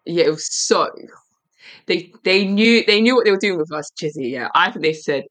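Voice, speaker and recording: Animated woman from East London. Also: lowish voice. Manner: animated, playful, quick restarts. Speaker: podcast co-host. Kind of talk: casual chat.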